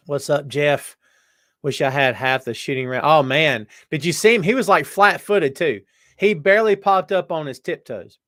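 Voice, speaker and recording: A man hosts a casual live-stream show, reading the chat and greeting viewers by name as "brother" and "my friend." He swings between loud exclamations and quiet asides, and the recording is dry and studio quality.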